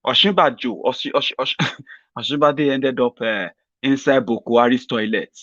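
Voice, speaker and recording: A man's voice: medium pitch, normal speed, a bit bright, dry recording, muffled recording. Sarcastic Nigerian man, rambling commentary. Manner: sarcastic, rambling, laughing at his own jokes. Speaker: political commentator host. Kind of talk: mocking political commentary vlog.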